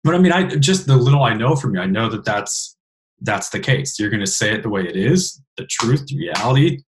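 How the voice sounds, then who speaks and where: A man's voice: mid-range voice, expressive, a little fast. A man hosting a podcast in casual interview chat, earnest and frank, swearing casually. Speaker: podcast host.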